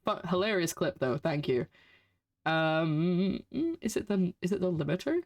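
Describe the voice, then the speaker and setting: A woman's voice: on the low side, expressive, measured pace, a little mellow, no room sound, studio quality. Sarcastic woman streamer. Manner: sarcastic, exasperated at the game. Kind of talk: casual gameplay commentary. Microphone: desk microphone. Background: game audio.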